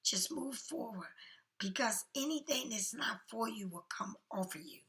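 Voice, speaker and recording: Gravelly, bright-voiced woman reading tarot. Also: fairly high pitch, animated, moderate pace. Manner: soft, often half-whispered, chatty and reassuring. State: yawning, tired. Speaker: tarot card reader. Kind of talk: casual spoken tarot reading.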